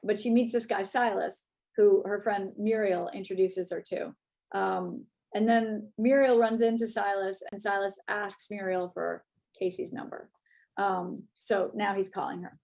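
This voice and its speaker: A woman author reading aloud from her own novel over a video call, unhurried and quietly expressive. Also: medium pitch, creaky. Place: home, joining remotely.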